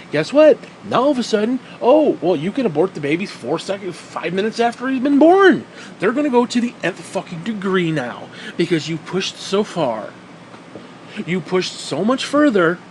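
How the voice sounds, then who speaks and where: A man on a profane, sarcastic rant, his voice sitting high and leaping up and down as he gets heated. He swears constantly and pushes every point hard. A faint hum of air conditioning runs behind him. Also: sing-song, normal speed, a little mellow, rough recording. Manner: mocks others in put-on quoted voices. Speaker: vlogger. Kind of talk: profane ranting monologue.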